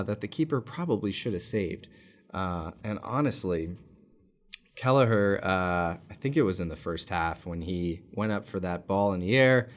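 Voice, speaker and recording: Excitable man reacting to a football match. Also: fairly low pitch. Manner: excitable, with many fillers. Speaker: host of fan channel.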